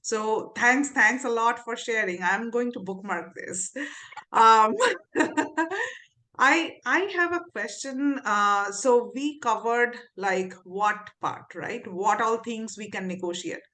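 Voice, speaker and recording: A woman's voice: a little high, slow, bright, forceful tone. A woman hosting an online chat who thanks her guest politely before asking a question. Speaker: interviewer and event host.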